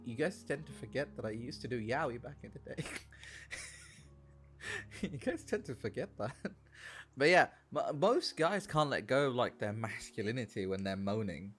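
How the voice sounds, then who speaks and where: Lively, bright-voiced young man. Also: medium pitch, slightly rough. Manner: animated, swearing, laughing, telling stories. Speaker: streamer. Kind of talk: casual chat while gaming. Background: faint background music.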